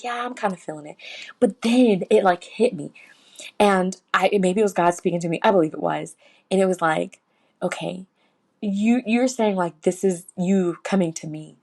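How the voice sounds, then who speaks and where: A woman's voice: fairly low pitch, vocal fry, a little mellow, husky. A woman talks through a personal faith story on her podcast. She speaks earnestly and close to tears, circling back with fillers and restarts. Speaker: podcast host. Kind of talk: personal faith reflection, casual monologue.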